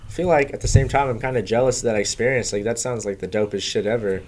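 Relaxed man with faint background noise. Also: mid-range voice, quick pace. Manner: relaxed, short encouraging replies. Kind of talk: casual chat.

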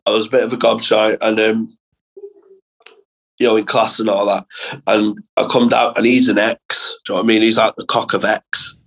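This young man is a comedian appearing on a podcast, swapping lively school anecdotes in relaxed conversation and swearing plenty. His voice leans low with a breathy edge, his speed is normal, and the recording sounds rough.

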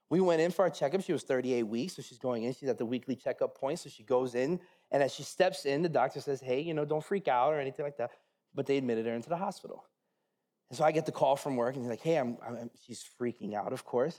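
A man in his thirties preaching a sermon, telling a funny personal story and acting out the voices with self-mocking humor. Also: on the high side. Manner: animated, acts out quotes, self-mocking humor. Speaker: pastor.

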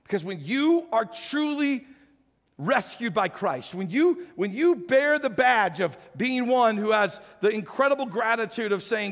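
A man preaching a sermon as pastor, swinging between loud acted shouts and soft, low appeals. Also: sing-song, a little slow, big-room sound.

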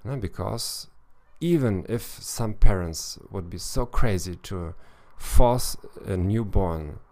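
A man's voice: on the low side, animated, slow pace, darkish tone. A man coaching language learners in a podcast monologue, thinking aloud and tacking on little tag questions. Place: lives in Eastern Europe.

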